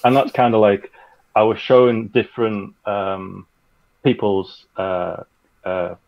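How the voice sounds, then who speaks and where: Speaking slowly and flatly, a man with a deep, gravelly voice chats about an audio drama he produced himself. He wanders off track and leans heavily on filler words, in a somewhat dull, lo-fi recording.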